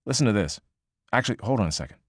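A man voicing an upbeat office trainer who explains things quickly and chattily in a slightly raised voice. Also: fairly low pitch, lively intonation, slightly rough, no echo, clean studio sound. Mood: breezy, encouraging. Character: upbeat male office trainer, brisk and eager.

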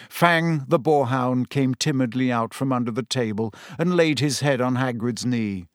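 A man narrating a story in a measured, even reading style. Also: mid-range voice, dry recording, studio quality. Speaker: audiobook narrator.

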